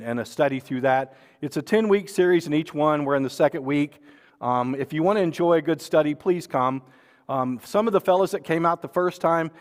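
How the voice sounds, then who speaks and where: A man's voice: a little high, long reverb tail. A man preaching a sermon and making church announcements, folksy and joking, with many fillers and restarts. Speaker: pastor.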